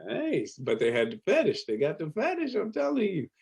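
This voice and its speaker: Guest comic dude, husky voice, teasing and goofing around. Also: male voice, sits high, huge pitch swings, brisk, a little mellow. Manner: playful, teasing, laughs often. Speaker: guest comedian. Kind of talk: casual comedy chat.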